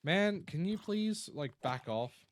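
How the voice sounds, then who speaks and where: A man's voice: sits high, animated, takes it slowly, background noise. A tired Australian man chatting casually on a live stream, rambling and reading out chat messages. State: tired, yawning.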